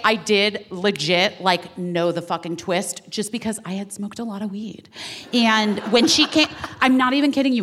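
A woman in her forties hosting a podcast, telling a story in casual chat, laughing, swearing freely and acting out what people said. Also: medium pitch. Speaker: podcast host.

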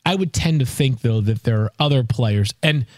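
A man hosting a casual sports podcast, talking in an animated, storytelling way with exasperated asides. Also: medium pitch, normal speed, dry recording. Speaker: podcast host.

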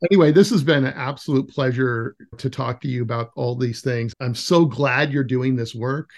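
A man with an easygoing, mid-range voice hosts a podcast conversation. he tells anecdotes with animated energy and laughs often. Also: medium pitch, normal speed. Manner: laughs often, animated when retelling stories. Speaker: podcast host interviewing an educator. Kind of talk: casual conversational storytelling.

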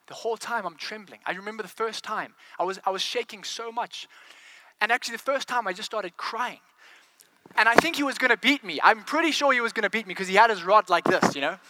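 A male preacher delivers a fervent sermon in a high, piercing voice. He stacks rhetorical questions and repeats words as he gathers steam. The sound is dry and close. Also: fast, pushed and bright, dry recording. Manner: repeats words as he builds momentum.

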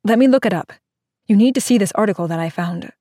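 A woman's voice: mid-range voice, quick pace, warm tone, no room sound, clean studio sound, lightly acted. A woman voicing a stubborn, defensive mother in an audiobook, resentful and combative. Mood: pushy. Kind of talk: audiobook character voice.

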